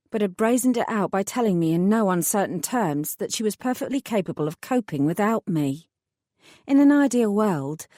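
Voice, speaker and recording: A woman reading a first-person fantasy audiobook in a wry, measured storytelling manner. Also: mid-range voice, warm tone, no echo, clean studio sound. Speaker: audiobook narrator.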